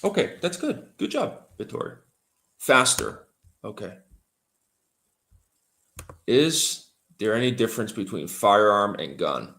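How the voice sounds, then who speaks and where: A man teaching English on a livestream, who talks slowly and repeats words for his learners. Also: lowish voice, wildly swooping pitch, sharp tone. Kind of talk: livestream language lesson.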